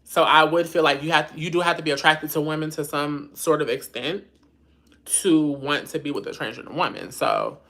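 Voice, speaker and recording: Woman, livestream host, low pitch, forceful bright tone, sassy, blunt, casual chat. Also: normal speed. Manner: reads viewer comments aloud and answers them.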